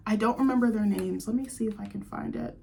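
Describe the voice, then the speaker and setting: A woman's voice: mid-range voice, quick pace, gravelly, darkish tone, breathy edge. Gushing chatty young woman. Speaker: host. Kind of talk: casual chat.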